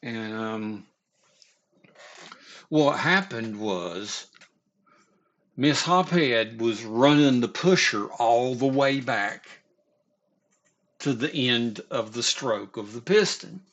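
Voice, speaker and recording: A man tells a story in an unhurried, drawn-out way, rambling and salting it with curses. He often breaks off and restarts his sentences. The recording sounds dull and lo-fi. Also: medium pitch, lively intonation, fairly bright tone. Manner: rambling and profane, with halting restarts. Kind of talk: casual spoken storytelling.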